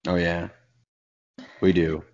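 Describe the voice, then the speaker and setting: A man co-hosting a casual podcast over a video call, teasing his friend and telling animated stories from his comedy gigs. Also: low-pitched, takes it slowly, highs cut off. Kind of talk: casual banter.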